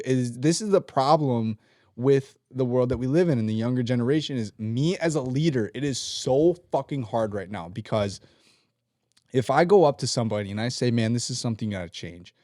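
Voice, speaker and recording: A man's voice: medium pitch, normal speed, a little mellow, dry recording, clean studio sound. Profane ranting man on a podcast. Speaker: podcast co-host; team leader at work. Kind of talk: casual chat.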